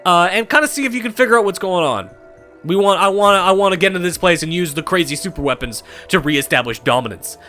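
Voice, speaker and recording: A man's voice: high voice, expressive, quick pace, sharp tone, faint music behind. A man tossing off a scheming noble lord. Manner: offhand, mocking paraphrase. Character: gruff male noble plotting to regain power.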